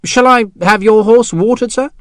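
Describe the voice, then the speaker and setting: A man's voice: high-pitched, normal speed, fairly bright tone, no room sound, voice pushed up. Man voicing a nervy young captain, all polite and eager, sir-this sir-that, dry close sound. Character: nervous, deferential young male captain.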